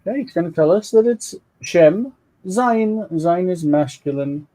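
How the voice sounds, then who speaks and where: High-voiced and expressive, this man speaks a little slowly with a mellow quality over a rough recording. As co-host of a live Hebrew Bible reading stream, he chats casually and keenly explains words aloud while looking them up.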